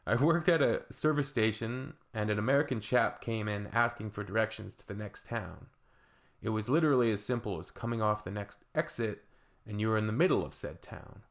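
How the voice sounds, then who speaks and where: A Canadian man reads viewer comments aloud, his low voice gravelly with fry. He breaks in with dry, sarcastic asides in a Canadian accent. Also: fairly quick. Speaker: reaction video host.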